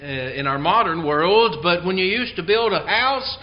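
A man's voice: sits high, expressive, moderate pace, highs cut off. A man preaching a Sunday sermon, hammering home key words with strong emphasis. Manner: tells a joke before the lesson.

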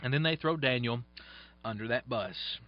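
A man's voice: medium pitch, moderate pace, no echo. A man preaching a sermon, reading scripture aloud and explaining it in plain, folksy asides. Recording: dull, dry, lo-fi sound.

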